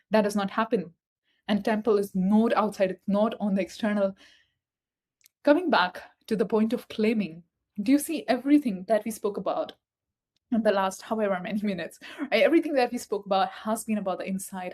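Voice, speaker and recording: A woman's voice: mid-range voice, moderate pace, a little mellow. A woman giving a motivational spiritual talk, speaking emphatically and repeating key phrases straight to the listener. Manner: emphatic, repetitive, addresses listener directly.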